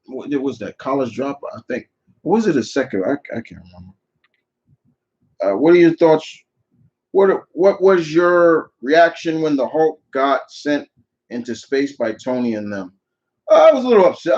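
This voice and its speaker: A man with a slightly high, slightly mellow voice and big pitch swings hosts a live viewer Q&A chat for his channel, speaking at normal speed. His opinionated answers ramble, with frequent restarts, and the highs are cut off.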